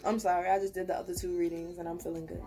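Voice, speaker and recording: A woman's voice: on the low side, flat delivery, very fast, mellow, soft background music. A young woman giving a casual, rambling pick-a-card tarot reading to camera, talking earnestly and reassuringly. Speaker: tarot reader.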